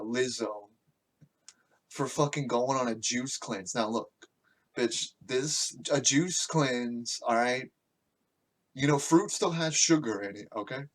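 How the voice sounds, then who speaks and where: A man hosting a podcast, ranting casually in a crude, mocking and profane way. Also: medium pitch. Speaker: podcast host.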